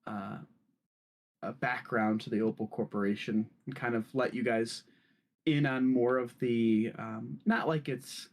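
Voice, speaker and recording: A man's voice: mid-range voice, a little mellow. A man narrating a tabletop role-playing game as game master, in a casual way with many fillers.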